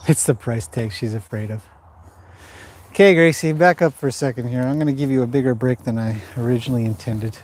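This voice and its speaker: A man giving calm livestream commentary while training a horse in an indoor arena, talking to the horse and his viewers in turn. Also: medium pitch, fairly quick, slight background noise.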